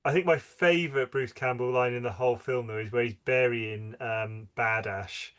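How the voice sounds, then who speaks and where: A man chats casually on a film podcast. He retells scenes he loved and laughs as he goes. His voice sits at an ordinary middle pitch. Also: steady tone, normal speed, fairly bright tone, clean tone. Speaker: podcast co-host.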